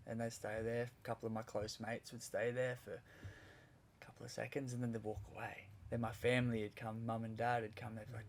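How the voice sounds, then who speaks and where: Gravelly-voiced man telling a story. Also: medium pitch, little pitch movement, fairly quick, a little hiss or hum. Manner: rambling, vivid retelling with restarts. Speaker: podcast guest. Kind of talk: storytelling in casual conversation.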